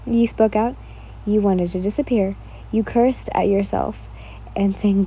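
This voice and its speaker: A woman's voice: medium pitch, fairly even intonation, a little slow, mellow, a little hiss or hum. A woman casually reading a listener-insert fan fiction story aloud, stumbling and restarting now and then. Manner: reads casually, with slips and restarts.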